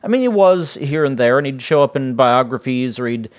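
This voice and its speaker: Talking on his own, a podcast host rambles casually through a solo monologue, frequently restarting sentences. His medium-pitched voice is animated and a little fast.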